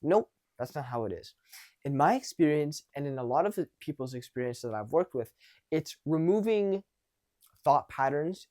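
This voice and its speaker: A man coaching social confidence, talking casually to camera and acting out example conversations. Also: fairly high pitch. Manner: animated, acts out example conversations; loose, conversational with frequent restarts.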